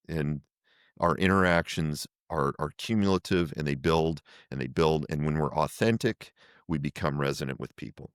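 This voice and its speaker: A man's voice: very deep voice, normal speed, clear, resonant tone, no echo, clean studio sound. A middle-aged fire chief talking in an earnest, thoughtful way in a podcast interview, often repeating words as he searches for his phrasing.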